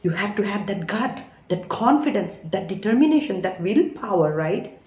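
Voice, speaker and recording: A woman's voice: mid-range voice, lively intonation, moderate pace, a little mellow, reverberant, dull audio. A woman giving an earnest spiritual teaching talk as a reader, often asking listeners whether they follow her.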